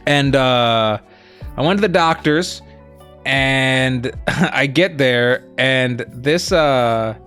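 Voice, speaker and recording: A man casually telling a long story on a stream, rambling with lots of fillers and quoting the people he met, animated as he retells it. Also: on the high side. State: injured foot, on crutches. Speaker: streamer co-host.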